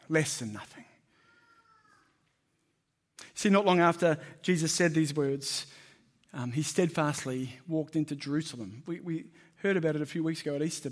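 A man's voice: fairly high pitch, slightly rough. A man preaching a sermon, conversational and emphatic, asking the congregation questions.

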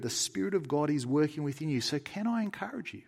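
A man preaching a sermon in an earnest, conversational way, dropping soft for pleading and prayer. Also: a little high, animated, brisk, creaky, hardly any pauses.

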